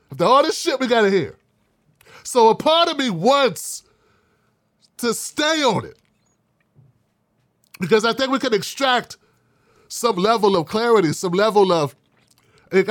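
Sarcastic high-voiced male commentator. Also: no echo, clean studio sound. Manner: sarcastic, mocking, profane. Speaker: independent media commentator. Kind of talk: casual online show commentary.

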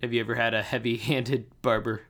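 A man's voice: medium pitch, flat delivery, brisk, fairly bright tone. A young man in casual chat, telling a story with lots of fillers and restarts.

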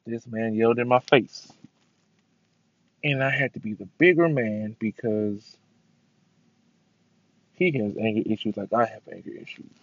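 A man's voice: lowish voice, unhurried, pauses often, dry recording. A man hosting a casual solo podcast, rambling and swearing, with sudden emphatic bursts. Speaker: podcast host. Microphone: headphones mic. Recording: dull lo-fi sound with faint noise.

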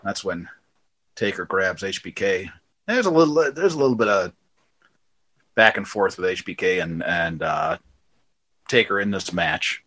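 A man casually chatting as a podcast co-host, laughing often and acting out quotes in a high, shouted voice. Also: big pitch swings, a little slow, long pauses, dry recording. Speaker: podcast co-host reviewing wrestling. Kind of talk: casual chat.

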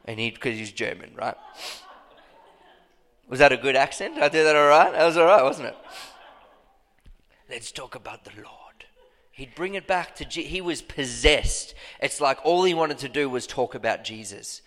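A man delivers a fervent sermon in a church hall. His voice jumps into high, emphatic outbursts, and a long reverb trails after each phrase. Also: lively intonation, normal speed, a bit bright. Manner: passionate, bursts into high emphatic cries. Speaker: pastor.

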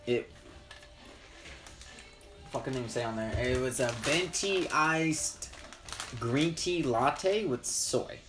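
A man's voice: medium pitch, animated, slow, long pauses, over music. A young man hosting a podcast, rambling through casual stories with a lot of swearing. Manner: rambling, profane storyteller. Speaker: podcast host. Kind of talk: casual chat.

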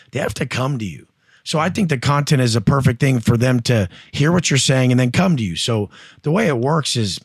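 His mid-range voice is husky, captured in clean studio sound with no room tone. The man, a guest entrepreneur and coach, tells blunt and profane stories during a casual interview, acting out the voices of the people in them.

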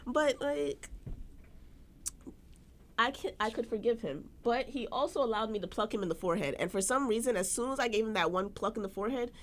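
A woman's voice: on the high side, quick pace, few pauses. A woman co-hosting a podcast in casual chat, candid and emphatic, often restarting her sentences. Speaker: podcast co-host.

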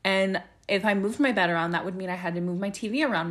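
A woman's voice: medium pitch, fairly quick. A young woman hosting a solo podcast, talking in a loose, rambling way and swearing freely as she opens up. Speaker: podcast host. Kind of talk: candid solo podcast chat.

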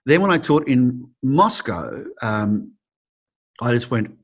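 A man's voice: mid-range voice, slow, husky. A middle-aged Australian man with an Australian accent, an acting teacher answering interview questions, telling stories expressively with frequent restarts. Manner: expressive, acts out quoted people, frequent restarts.

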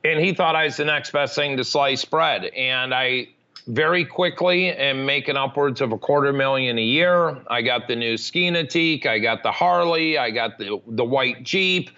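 A recovery advocate appears as a podcast guest, frankly and matter-of-factly recounting his life story in a candid interview. His voice is fairly high and sharp, and the recording sounds lo-fi.

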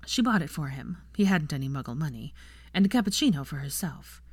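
Lady reading fanfic aloud, lowish voice, lively pitch, dry room. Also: a little fast, no room sound. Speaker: audiobook reader. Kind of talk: fan fiction narration.

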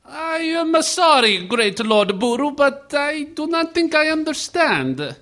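A man's voice: very high-pitched, very animated, slow, bright, forceful tone, exaggerated voice. An actor playing a fawning, nervous male cult servant in an audio drama. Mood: servile. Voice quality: obsequious, nervous.

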